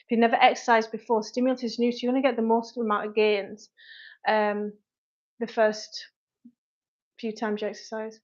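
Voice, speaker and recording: On a live stream, a woman who works as a personal trainer answers viewer questions, reading their comments aloud and tossing quick asides to commenters. Her voice is fairly high with a totally flat delivery, and she comes across frank and chatty. The lo-fi stream audio sounds dull.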